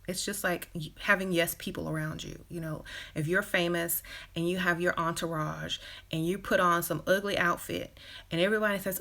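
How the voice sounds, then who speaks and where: Her voice is lowish and gravelly yet fairly bright, with fairly even intonation and a moderate pace. As host of a relationship advice live stream, she chats casually, laughs briefly, says "you know" often, and acts out quoted dialogue in different voices.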